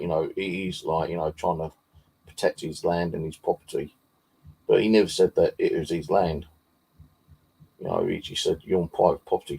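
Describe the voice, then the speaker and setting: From Bexley in southeast London, a paranormal vlogger spins a loose, meandering anecdote packed with swearing and fillers. His low voice sounds dark, husky and gravelly.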